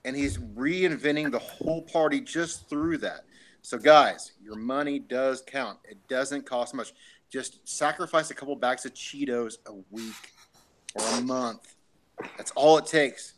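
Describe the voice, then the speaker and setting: A man's voice: medium pitch, a little slow, fairly bright tone, a little hiss or hum. A man hosting a podcast in casual chat, loose and joking as he urges listeners to donate. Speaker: podcast host.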